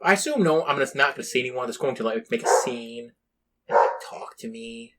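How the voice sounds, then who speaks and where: A man's voice: medium pitch, lively intonation, brisk, heavy background noise. A young man hosting a podcast, telling rambling, laid-back stories in a casual chat. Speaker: podcast host.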